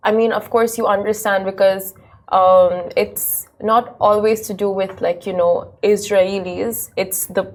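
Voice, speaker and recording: A woman's voice: medium pitch, steady tone, moderate pace. A woman interviewing a guest, hesitant and full of fillers as she frames her questions.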